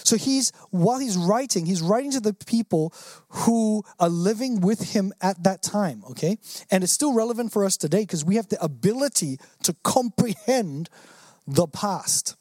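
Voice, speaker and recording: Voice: mid-range voice, animated, normal speed, a little mellow, dry recording. Emphatic preacher, dry close sound. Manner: earnest, emphatic, acts out quotes in voices. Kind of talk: sermon.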